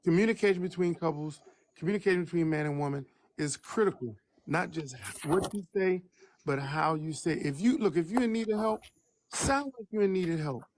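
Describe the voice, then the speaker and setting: Man, high pitch, emphatic, preachy, self-described baritone, live stream chat. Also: a little hiss or hum. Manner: preachy, emphatic, slow for stress.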